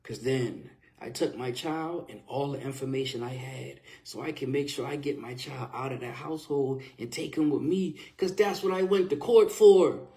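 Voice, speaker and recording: A man's voice: medium pitch, moderate pace, few pauses, warm tone. A man passionately recounting a personal story in casual, slang-filled conversational speech. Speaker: vlogger telling his own story.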